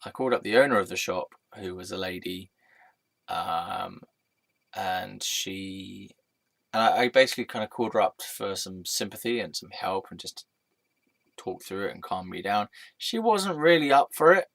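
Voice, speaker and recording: A man's voice: deep voice, expressive, normal speed, creaky, a bit bright. A man telling a personal story in a rambling, sweary way, full of filler words.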